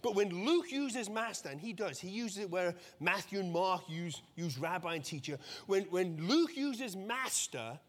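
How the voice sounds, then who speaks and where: A man with a high voice preaches a sermon in a relaxed, conversational way, checking in with "okay?" and often repeating words. His voice rings with a long reverb, as in a church hall. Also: measured pace, few pauses. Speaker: pastor.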